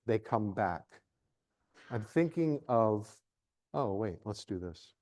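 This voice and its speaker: A man's voice: medium pitch, darkish tone. Playful middle-aged man giving a lecture. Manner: playful, theatrical, joking with the audience. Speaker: naturalist lecturer. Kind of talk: live lecture to an audience. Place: lecture room with audience.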